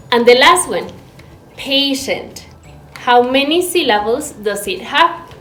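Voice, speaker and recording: A woman teaching an English lesson to learners, explaining slowly and clearly, breaking words into syllables. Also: a little high, animated, fairly bright tone. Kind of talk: recorded online class. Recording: echoey room with faint background noise.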